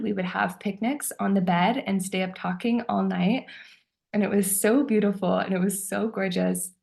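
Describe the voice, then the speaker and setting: A woman telling a personal story, loose and chatty, with "like" in nearly every sentence. Her voice carries a steady, gravelly fry, and she sits at an ordinary middle pitch for a woman. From United States. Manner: chatty, many "like" fillers, breaks into laughter, acts out dialogue.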